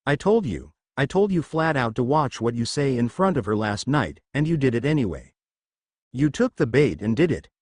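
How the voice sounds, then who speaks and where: A man's voice: medium pitch, very animated, normal speed, dry recording, studio quality. A man reading as a stern, scolding young witch. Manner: scolding, commanding.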